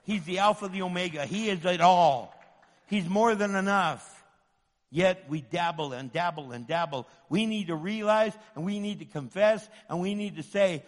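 A man's voice: high voice, normal speed. A man preaching a sermon as pastor, impassioned and repetitive, sometimes acting out the inner voices of his listeners. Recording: long church reverb.

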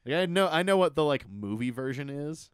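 Young dude on a podcast, pitch all over the place, cussing and riffing. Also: male voice, a little fast, clean tone, no echo, clean studio sound. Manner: animated, swears freely, acts out sketch voices. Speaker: podcast co-host. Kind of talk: casual chat.

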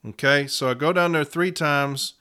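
A man's smooth, rather high voice with a sharp tone carries a casual podcast monologue in which he speaks as a union representative. He recounts events plainly and goes slowly over case numbers.

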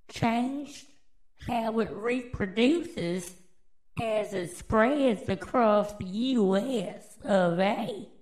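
A woman hosts her own podcast, reading news headlines and riffing on them. She talks slowly in a fairly high voice. Her delivery is brash, drawling and full of swearing. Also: darkish tone, poor audio. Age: adult, with children. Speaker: podcast host. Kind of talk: casual news commentary.

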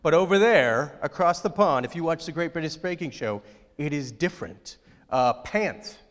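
A man's voice: fairly high pitch, lively intonation, normal speed, a bit bright, big-room sound. A pastor giving a conversational, joking sermon and asking his congregation questions. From outside Ohio, United States.

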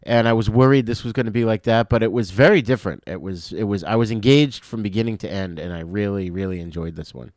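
A man co-hosting a film podcast, easygoing, laughing often and trailing off quietly. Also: fairly low pitch, fast, hardly any pauses, dry recording, studio quality. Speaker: podcast co-host. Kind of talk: casual film review chat.

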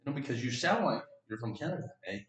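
A man's voice: medium pitch, big pitch swings, rapid-fire. A man from Texas chatting casually as a podcast co-host, rambling with restarts and fillers. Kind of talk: casual chat. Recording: roomy echo, a bit far from mic.

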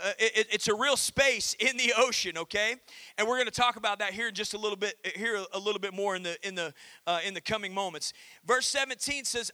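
A man pastor preaching a sermon, calling out to the congregation and reading scripture with emphatic pauses. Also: high voice, sharp tone, no echo. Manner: emphatic preaching with call-and-response.

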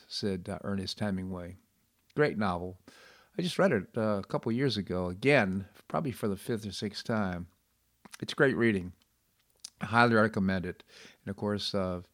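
Man hosting talk radio news. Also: medium pitch. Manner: conversational, with frequent fillers and restarts. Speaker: radio talk show host. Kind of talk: news commentary.

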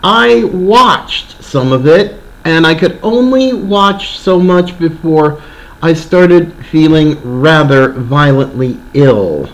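A man's voice: a little high, low-quality recording. A man hosting a political commentary show, talking in an indignant, sarcastic monologue. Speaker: podcast host.

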